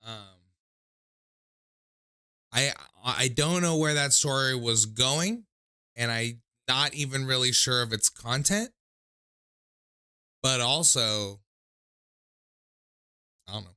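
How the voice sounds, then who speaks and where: A man's voice: medium pitch, slow pace, long pauses, sharp tone, clean tone. A young man hosting a call-in livestream, rambling and poking fun at himself in casual chat. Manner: rambling, self-mocking storyteller. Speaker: call-in show host.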